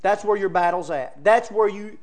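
A man. He tells stories in a folksy, excitable way and now and then climbs to shouting. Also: high-pitched, normal speed. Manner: excitable storytelling, rising to shouts; folksy, says "man" and "brother" often. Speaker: preacher. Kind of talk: sermon.

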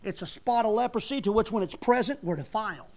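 A male preacher delivering a fervent sermon, building to loud emphatic peaks when reading scripture. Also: high-pitched, lively intonation, fast.

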